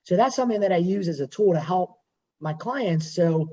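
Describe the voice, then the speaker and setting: A man's voice: high-pitched, lively intonation, normal speed, darkish tone, highs cut off, slight background noise. A man working as a mortgage lender, speaking at a workshop over a video call in a conversational, digressive way and repeating himself.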